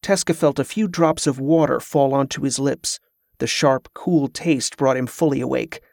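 A man's voice: mid-range voice, vocal fry, dry recording, clean studio sound. Man narrating a fantasy audiobook. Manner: steady, measured storytelling.

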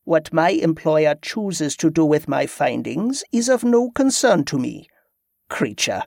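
A man's voice: a little high, lively intonation, measured pace, vocal fry, a little mellow, no echo, full character voice. Reader doing a snooty mocking scholar guy, dry sound. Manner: mocking, dismissive. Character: scornful male scholar with spectacles.

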